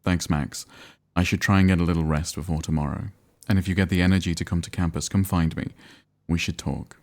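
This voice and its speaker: A man reading out texts from an anxious, frazzled young man, in a casual deep voice. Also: fairly even intonation, fairly quick. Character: anxious young man, friend, rattled and restless.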